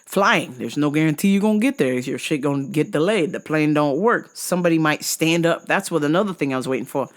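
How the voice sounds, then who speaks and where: A vlog host telling a profane travel story, animated and laughing often, jumping into acted voices. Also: brisk, hardly any pauses. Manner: acts out voices with big pitch jumps. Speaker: vlogger host. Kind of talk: casual storytelling rant.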